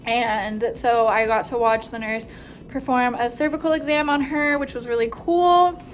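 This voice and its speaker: A young woman, a nursing student, excitedly retelling a hospital story in a casual vlog, full of "like" and acted-out quotes. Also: on the high side, normal speed, soft background music. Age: young adult. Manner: animated, breathless retelling with frequent "like" and quoted voices.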